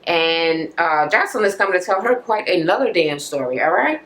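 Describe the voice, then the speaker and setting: A woman's voice: lowish voice, lively intonation, brisk, a bit bright, low-quality recording. A woman vlogger recapping a reality TV episode in casual, blunt, profane talk, full of fillers and asides.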